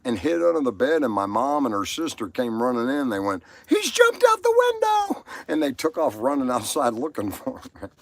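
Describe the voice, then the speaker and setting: Crude Southern man hosting a live stream, lively pitch, rambling storyteller. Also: fairly quick, dry recording. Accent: Southern American. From Southern United States. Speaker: livestream host.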